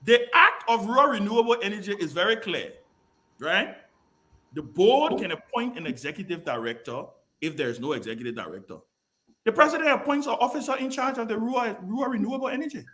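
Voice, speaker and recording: Lively high-voiced man. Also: brisk. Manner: emphatic, repetitive, scolding. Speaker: panel show chairman. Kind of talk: political talk show commentary.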